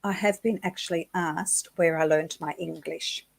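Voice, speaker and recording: A woman's voice: fairly low pitch, steady tone, moderate pace, gravelly, slight background noise. A woman co-hosting a live chat stream, talking in a teasing, conversational way. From Australia. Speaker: co-host.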